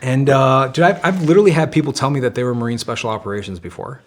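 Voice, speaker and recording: A man in his thirties, a former special operations Marine and firearms instructor, talking casually and animatedly as a podcast guest, swearing freely and saying "dude" often. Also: mid-range voice. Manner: animated, profane, fast storytelling with frequent "dude" and "man". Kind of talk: casual conversational interview.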